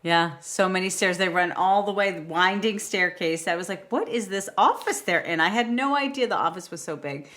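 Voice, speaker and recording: A woman's voice: lowish voice, moderate pace, few pauses, a bit bright. A woman co-hosting a podcast, casually recapping a movie, laughing often and quoting scenes. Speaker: podcast co-host.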